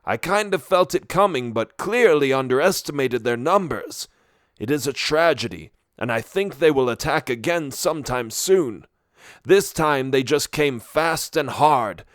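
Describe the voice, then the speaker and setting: Old male wizard, high and strained, grave and worried, voiced by a man. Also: animated, unhurried, a bit bright, no echo, studio quality.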